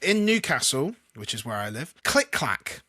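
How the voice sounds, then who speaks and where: Man, east midlands accent, mid-pitched voice, dry close sound, animated and quizzing. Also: moderate pace, no room sound. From Market Harborough, East Midlands, England. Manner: animated, leads the chat with quizzing questions. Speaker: podcast co-host. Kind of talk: casual chat.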